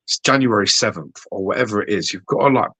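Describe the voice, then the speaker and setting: A man's voice: lowish voice, fast talker, sharp tone, slightly rough, dry recording. A British man co-hosting a podcast in casual chat, ranting animatedly and swearing freely. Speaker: podcast co-host.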